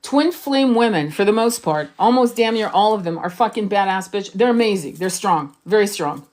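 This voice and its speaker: A woman's voice: medium pitch, animated, normal speed, a little mellow. A woman who reads tarot and twin flames, talking to camera in a blunt, profane and emphatic way and repeating herself for stress. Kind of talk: casual monologue to camera.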